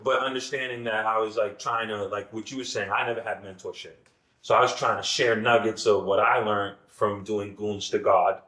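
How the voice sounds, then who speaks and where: A man's voice: on the low side, fairly even intonation, moderate pace, sharp tone. A man talking as a guest in a casual podcast conversation, earnest and circling back with many restarts. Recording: echoey room.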